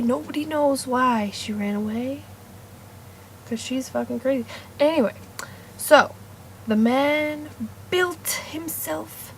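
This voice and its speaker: A woman making up a story on the spot, playful and meandering, with sudden loud bursts and whispered asides. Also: a little high, slight background noise. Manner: meandering, self-correcting. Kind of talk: improvised storytelling.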